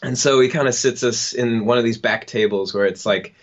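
A young man tells a funny personal story on a podcast, laughing now and then and animatedly acting out the people in it. His voice sits at medium pitch, and the recording sounds dull and lo-fi.

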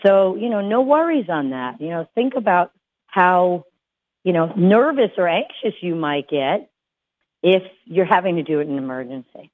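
A woman's voice: on the low side, lively intonation, moderate pace. A woman dog trainer giving casual advice, chatty and full of fillers and restarts. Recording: tinny phone-like sound.

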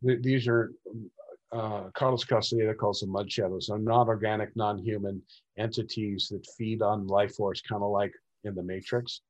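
A man's voice: fairly low pitch, steady tone, normal speed, darkish tone, muffled recording. Male interview guest, rambling storyteller who acts out quoted dialogue. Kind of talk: recounting personal experiences.

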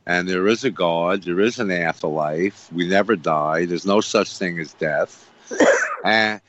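Low-voiced man preaching emphatically. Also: a little slow, a bit bright, slight background noise. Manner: emphatic, repeats lines and rhetorical questions. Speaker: radio show guest. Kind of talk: preachy spiritual talk. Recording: dull lo-fi radio sound.

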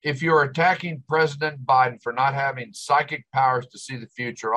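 A man's voice: medium pitch, lively intonation, normal speed, hardly any pauses, a bit bright, poor audio. Exasperated ranting man. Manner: exasperated, insulting, sarcastic. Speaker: host. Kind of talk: ranting commentary.

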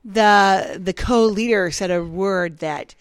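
A woman's voice: mid-range voice, slow, clean tone, dry recording. A woman co-hosting a casual chat, telling a story and acting out quotes in shifting voices.

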